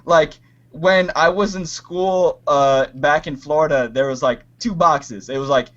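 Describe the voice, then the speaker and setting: A man's voice: fairly high pitch, unhurried, fairly bright tone. Hesitant young man telling a story. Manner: hesitant, many ums, acts out quotes. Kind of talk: casual storytelling. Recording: muffled lo-fi call audio.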